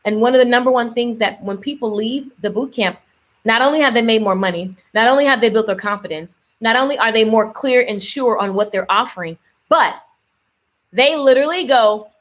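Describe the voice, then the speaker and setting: High-ish woman voice, pumped-up business coach live streaming, repeats stuff for emphasis. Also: fairly quick. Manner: energetic, emphatic, repeats key lines, reads out viewer comments. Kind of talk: motivational live-stream talk to viewers.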